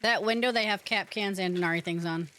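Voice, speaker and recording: A woman playing a game with friends, excitable and quick to laugh. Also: medium pitch, slight background noise. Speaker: co-player. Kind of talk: casual gaming chat.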